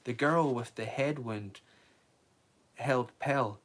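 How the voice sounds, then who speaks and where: A man reading a novel aloud on a live stream, steady, with small slips he corrects. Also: medium pitch, unhurried.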